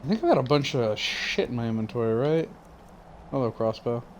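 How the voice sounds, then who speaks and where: Young male streamer, sleepy, loose rambly chat full of "uh"s, mid-pitch. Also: animated, fairly quick, a little hiss or hum. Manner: rambling, swearing, frequent fillers. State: yawning, tired. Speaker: game streamer. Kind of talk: casual gameplay commentary.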